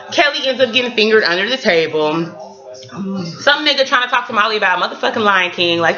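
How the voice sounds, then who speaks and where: A woman's voice: lowish voice, sharp tone, highs cut off. A young woman from San Diego giving a blunt, profane recap of a TV episode in a casual home video. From San Diego, California. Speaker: recap vlogger.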